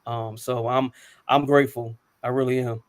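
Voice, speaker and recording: A man's voice: medium pitch, little pitch movement, normal speed, no room sound. A man in his thirties telling personal stories on a panel talk show, earnest and reflective, with frequent ums and restarts. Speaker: co-host.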